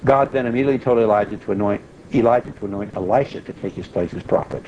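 A man's voice: on the low side, fast talker, a little mellow, lo-fi sound, slight background noise. A man teaching an informal Bible study in a loose, conversational way, with frequent restarts and asides.

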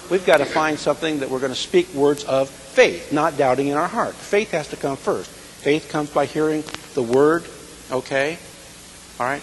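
A man preaching a sermon, talking plainly and checking in with his listeners as he goes. His voice carries a long echo from the hall around him. A faint hiss sits under it. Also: on the high side. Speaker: Bible teacher.

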